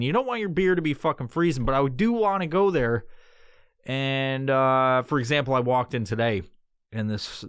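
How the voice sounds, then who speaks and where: A man's voice: a little high, a bit bright, no echo. A man from New York hosting his own podcast alone in a studio. He talks in a put-on tough-guy tone and swears constantly. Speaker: podcast host. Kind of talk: solo podcast monologue.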